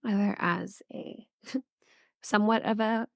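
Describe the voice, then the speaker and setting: A woman's voice: medium pitch, steady tone, unhurried, gravelly, no room sound, clean studio sound. A woman from Northern Virginia co-hosting a podcast in casual, chatty talk, laughing often. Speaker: podcast co-host. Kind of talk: casual chat.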